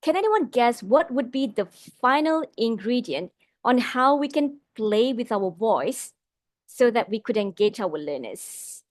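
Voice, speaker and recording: A woman trainer speaking Malaysian English runs a live online class about vocal delivery, reading what participants write and calling them "my dear friends." Slightly high with big pitch swings, her voice gets louder and softer and slows for emphasis, recorded in clean studio sound without any room sound.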